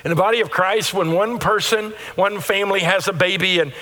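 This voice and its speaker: Animated preacher man in a reverberant hall. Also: sits high, fairly quick. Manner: animated, acts out little voices of churchgoers. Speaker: pastor. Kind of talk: sermon. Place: church sanctuary. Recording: long reverb of a church hall.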